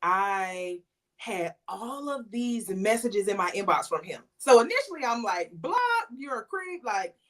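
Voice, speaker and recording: Animated woman telling her story. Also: mid-range voice, measured pace. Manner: animated, acts out quoted lines. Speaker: interview guest. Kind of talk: casual storytelling.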